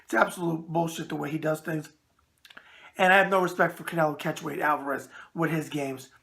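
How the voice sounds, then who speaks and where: A man's voice: on the high side, fairly even intonation, a little fast, vocal fry, pushed and bright. A middle-aged man with a New York accent hosting a casual boxing mailbag show, talking bluntly and stumbling over words. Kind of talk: casual video mailbag chat.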